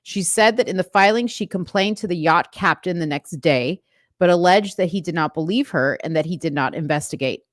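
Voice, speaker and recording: A little fast and lowish in pitch, this livestream host's voice carries no room sound. She reads the news aloud and chats to her viewers in the live chat, talking straight to them with a chatty manner and lots of fillers.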